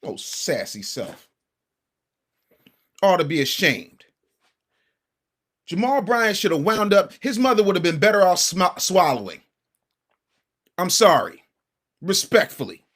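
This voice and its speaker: Brash, high-voiced male commentary host. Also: sing-song, a little slow, pauses often, a bit bright. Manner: brash, combative, talks to the chat. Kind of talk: casual livestream political commentary.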